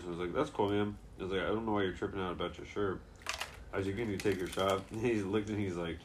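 A man's voice: deep voice, fairly even intonation, fast talker, noisy background. A young man telling a story in casual chat, swearing often and laughing between lines.

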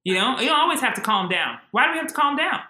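A woman's voice: sits high, big pitch swings, fast, sharp tone, reverberant. A woman in her forties, a guest speaking with passion and emphasis, often repeating herself. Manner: impassioned, emphatic, repeats words. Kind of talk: candid conversation.

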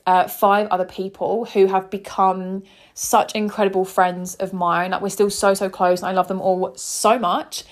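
Young woman, podcast host, personal story, candid, heartfelt, mid-pitched voice. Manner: candid and heartfelt, with frequent ums.

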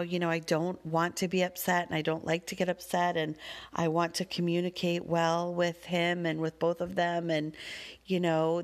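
A mother telling a family story in a casual, chatty way, wordy and rambling with lots of fillers. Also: fairly low pitch.

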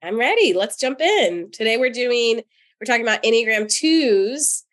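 A woman from North Carolina co-hosting a podcast as a therapist, telling personal stories in an animated, chatty way with frequent laughter. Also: on the high side, moderate pace. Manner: animated, laughs often, chatty with many fillers. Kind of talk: casual chat and personal storytelling.

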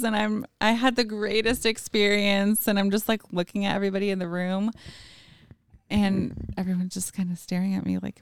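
A woman's voice: mid-range voice, fairly even intonation, normal speed, gravelly, smooth, no room sound, studio quality. A woman, a mother, telling a personal story in casual podcast talk, full of fillers and acted-out quotes. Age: adult with children. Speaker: podcast guest. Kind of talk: casual conversation.

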